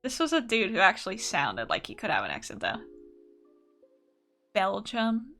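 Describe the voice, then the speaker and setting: A young American woman chats loosely and swears freely with viewers during a live art stream, answering their chat. Her bright, forward, gravelly voice swings hugely in pitch at a moderate pace, with soft music faint behind her.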